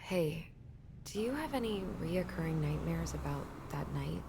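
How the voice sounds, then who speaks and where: A haunted young sister speaks softly in a very low voice, subdued and hesitant. Her game dialogue carries a clear layer of background noise. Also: animated, measured pace, exaggerated voice. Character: young adult woman, quiet, haunted twin sister.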